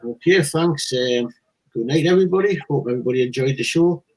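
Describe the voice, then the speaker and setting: A man's voice: medium pitch, brisk, darkish tone, low-quality recording. A man with a Geordie accent giving a brief, friendly sign-off as co-host of a live stream.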